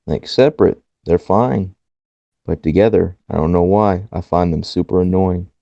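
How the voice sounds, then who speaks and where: Casual podcast co-host: a man with a low, gravelly, dark voice, blunt and foul-mouthed, on dull dry audio. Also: normal speed, dry recording. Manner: blunt, swears freely, laughs often. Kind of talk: casual chat.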